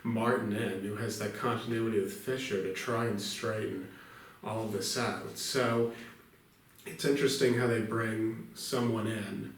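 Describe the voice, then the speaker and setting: Male podcast co-host, measured and thoughtful, far from the mic, heavy room echo. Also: on the low side, fairly even intonation. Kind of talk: casual film review chat.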